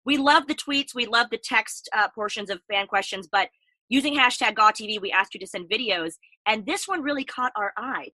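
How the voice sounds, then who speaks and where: A woman with a bright, forceful voice pitched a little high chats as co-host, bubbly and full of stories. Her voice sounds dry and close, with no room around it. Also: animated, normal speed, no room sound, rough recording. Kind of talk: casual chat.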